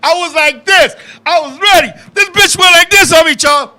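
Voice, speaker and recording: A man telling wild stories on a casual podcast, animated and profane, now and then bursting into shouts. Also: extremely high pitch, normal speed. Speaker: guest, independent wrestler.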